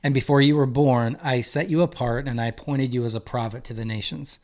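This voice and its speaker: Speaking quickly in a slightly mellow, mid-range voice with fairly level intonation, a man in his thirties gives an emphatic faith-based talk. He is a marriage coach and podcast co-host who repeats key phrases for emphasis and sounds earnest.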